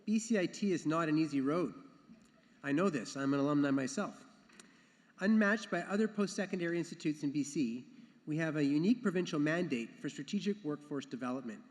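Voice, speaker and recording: A man's voice: on the high side, lively intonation, a little fast. A man speaking as the education council chair at a graduation ceremony, earnest and sometimes repeating himself. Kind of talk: ceremony speech. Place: large hall. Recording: long hall reverb.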